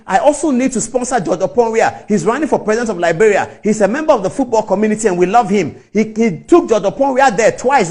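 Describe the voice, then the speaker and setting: A middle-aged man with a Ghanaian English accent speaks in a strikingly high voice that leaps and dips with feeling. He delivers a fiery, rhetorical public speech and hammers his points home by repeating them.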